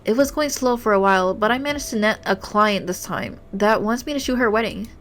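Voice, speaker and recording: A woman's voice: mid-range voice, fairly quick, a bit bright, a little hiss or hum, close to an everyday voice. A woman voicing a cheerful young woman photographer from a story game, friendly and upbeat.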